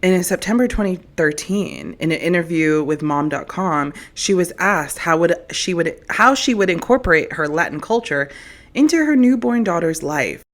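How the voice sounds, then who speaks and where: Animated low-voiced woman podcast host. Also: normal speed. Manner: sassy, incredulous, talks straight to her audience. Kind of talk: solo commentary podcast.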